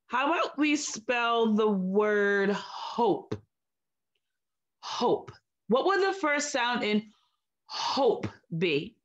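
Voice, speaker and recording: A woman teaching a recorded phonics lesson to young children, slow, clear and encouraging. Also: medium pitch, dull audio.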